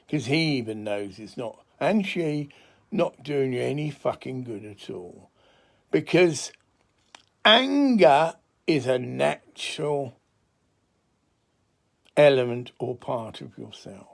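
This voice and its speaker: An older man holds forth in a crude, swearing, laughing monologue. His voice sits high and has a gravelly crackle. He drags his words out slowly as he rambles. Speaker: self-styled spiritual healer.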